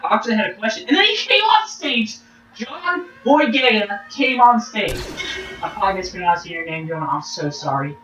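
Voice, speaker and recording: A woman vlogger excitedly recapping an event in a rambling, casual way, full of fillers and acted-out quotes. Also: medium pitch, normal speed. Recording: roomy, distant, noisy.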